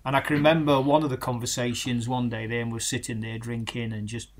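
A man's voice: medium pitch, flat delivery, a little fast. A man interviewing a guest in casual chat, sharing reflective, rambling anecdotes.

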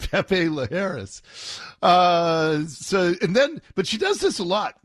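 A man's voice: sits high, very animated, drawn-out words, fairly bright tone, dry recording, studio quality. A man hosting a talk radio show, delivering an opinionated, mocking monologue and laughing often.

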